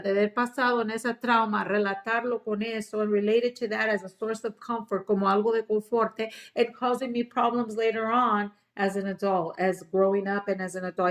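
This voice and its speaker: Woman instructor, bilingual class talk, switches languages mid-thought, casual restarts. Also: medium pitch. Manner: switches between English and Spanish, with fillers and restarts. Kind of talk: bilingual class talk, English then Spanish.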